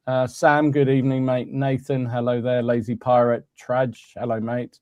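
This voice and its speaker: A man's voice: mid-range voice, flat delivery, moderate pace, darkish tone, dry recording, highs cut off. A man hosting a live hobby podcast, chatting casually, greeting viewers by name and laughing often. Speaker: podcast host. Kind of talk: casual live-stream chat.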